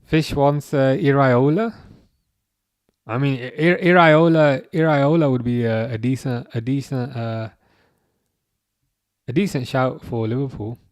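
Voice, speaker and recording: A man in his thirties hosting a live stream, chatting casually and reading out viewer comments with halting restarts and dry jokes. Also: medium pitch, steady tone, darkish tone, dry recording. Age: 30s.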